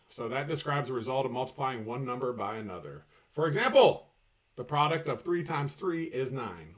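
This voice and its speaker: A man's voice: medium pitch, distant mic. A man presenting an upbeat video math lesson, joking and talking straight to his viewers. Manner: energetic, jokey, talks to viewers directly. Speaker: math teacher.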